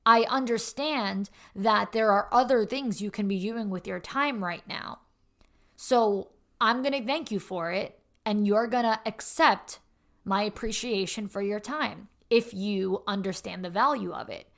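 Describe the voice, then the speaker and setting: A young woman hosts a podcast and tells a personal story in a casual monologue. Her voice has a gravelly, fry-tinged edge at a middle pitch. She talks earnestly and candidly, and she stumbles and restarts when she gets worked up. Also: fairly bright tone. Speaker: podcast host.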